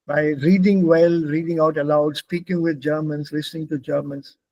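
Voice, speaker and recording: A man's voice: a little high, steady tone, moderate pace, a little mellow, dull audio. A man, a Telugu speaker, telling a personal anecdote as a German teacher, hesitant with frequent fillers.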